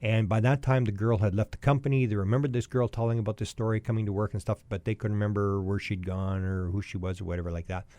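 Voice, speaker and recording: Fast-talking man, dry close sound. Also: on the low side, dry recording. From Canada. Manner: animated anecdotal storytelling with restarts. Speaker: guest. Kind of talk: storytelling in a podcast interview.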